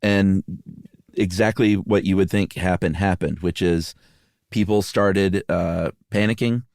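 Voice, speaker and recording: A man with a very deep voice explains things in a steady, casual way, filling pauses with "uh" and dropping dry asides. He sounds close and dry, with no reverb. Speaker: podcast co-host. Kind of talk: casual conversational storytelling.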